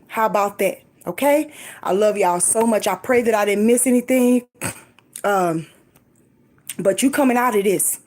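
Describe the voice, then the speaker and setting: A middle-aged woman vlogging, giving lively, emphatic encouragement in a casual preachy way, laughing often. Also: medium pitch, normal speed. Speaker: faith vlogger.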